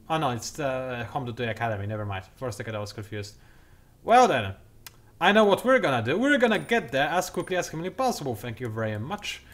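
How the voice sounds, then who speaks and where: A man giving casual, sarcastic let's-play commentary as he plays a strategy game, mocking himself and breaking into sudden excited outbursts. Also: mid-range voice. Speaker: gaming video creator.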